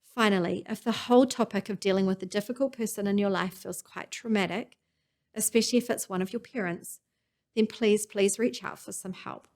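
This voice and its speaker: A woman gives a scripted teaching talk in a calm, earnest way. Her pitch sits in the middle of the usual range for a woman. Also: brisk. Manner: calm, earnest, acts out example lines. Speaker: presenter.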